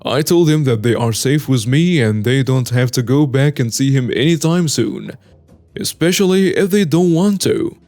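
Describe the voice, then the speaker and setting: A man reading online stories aloud as the regular narrator of a story channel, in a steady scripted voice. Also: mid-range voice, normal speed, faint music behind.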